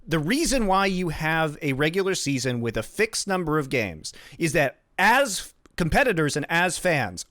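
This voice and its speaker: A man with a slightly higher voice hosts an esports talk show, arguing his points emphatically and swearing freely. The sound is dry and close, with no room around him. He winds up into long, forceful explanations. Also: no echo. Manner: emphatic, profane, launches into rants. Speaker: podcast host. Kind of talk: esports discussion.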